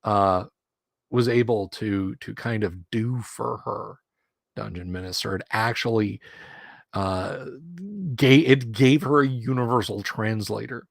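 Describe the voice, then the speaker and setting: A man's voice: fairly low pitch, fairly even intonation, unhurried, vocal fry, no echo. A middle-aged man streaming, chatting casually and telling rambling anecdotes close to his mic. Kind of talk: casual chat.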